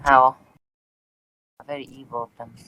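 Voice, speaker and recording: A woman's voice: rumbling low, little pitch movement, a little slow, bright, forceful tone, highs cut off, a little hiss or hum. A woman in casual chat, chiming in with playful teasing banter.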